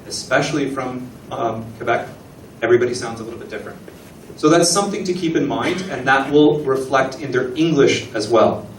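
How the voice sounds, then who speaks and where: A man's voice: mid-range voice, brisk, a little hiss or hum. Man giving a chatty talk in an echoey room. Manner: chatty, asks the audience questions, acts out little dialogues. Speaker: guest speaker at an embassy talk. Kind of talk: lecture presentation to an audience. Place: event room with an audience. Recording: echoey room recording from a distance.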